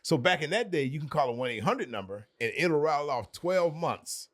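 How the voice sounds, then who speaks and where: A man's voice: a little high, animated, moderate pace. A man, a podcast guest, telling an earnest personal story with emphatic repetition.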